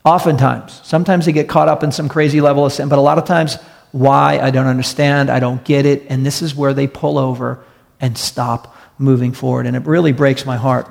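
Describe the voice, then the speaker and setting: A man's voice: medium pitch, fairly even intonation, fairly quick, creaky, darkish tone. A man preaching a sermon to a congregation, earnest and storytelling, repeating key phrases for emphasis. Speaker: pastor. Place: church hall with audience. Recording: long hall reverb.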